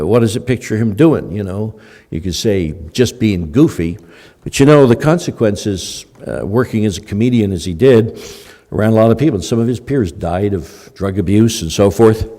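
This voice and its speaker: A man's voice: fairly low pitch, mellow. An older man preaching a sermon in a conversational way, with many fillers and restarts. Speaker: pastor. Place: church hall. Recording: long hall reverb.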